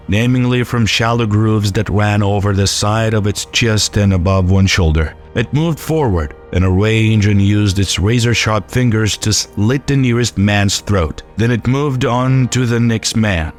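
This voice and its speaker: A man telling a first-person horror story in a steady, scripted narration. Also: lowish voice. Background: faint background music.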